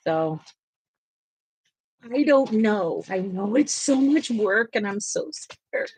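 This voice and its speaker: A woman's voice: medium pitch, expressive, slow pace, a little mellow, a little hiss or hum. A woman hosting a coloring livestream, chatting casually and talking to her viewers in the chat as she colors. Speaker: livestream host.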